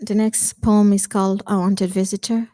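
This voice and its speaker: A woman from Congo who is a poet, giving hesitant introductions and then reading her verse slowly and deliberately. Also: mid-range voice, little pitch movement, warm tone, no room sound. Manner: hesitant, halting introductions full of "um". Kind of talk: poetry reading with spoken introductions.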